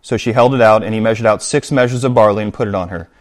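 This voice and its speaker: Guy pastor preaching a sermon, fairly low voice, reads a verse then talks it through w the church. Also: fast talker. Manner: reads scripture aloud, then explains it with direct appeals to the congregation.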